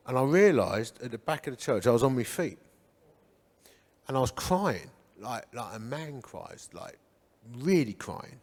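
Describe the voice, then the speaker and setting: Speaking at a measured pace in a medium-pitched voice, a man from England in his fifties tells his life story to a church hall audience. He performs the voices of people he encountered, and the recording echoes with the hall's reverberation.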